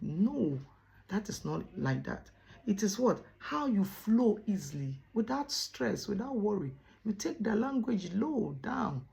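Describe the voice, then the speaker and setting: A woman teacher giving a classroom lesson, stressing points by repeating words and pausing on "what?" for the class to finish her sentences. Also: mid-range voice, expressive, creaky, warm tone. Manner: asks rhetorical "what?" prompts for the class to finish.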